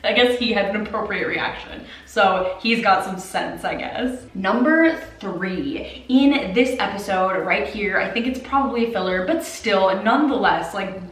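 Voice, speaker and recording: A woman's voice: medium pitch, measured pace, few pauses. A woman giving casual video commentary, sounding incredulous and exasperated and often breaking into laughter. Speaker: anime commentator. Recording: roomy, distant from the mic.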